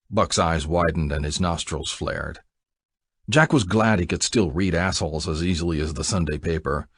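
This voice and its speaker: A man reading an audiobook in steady scripted narration. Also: very deep voice, moderate pace, husky, dry recording, clean studio sound.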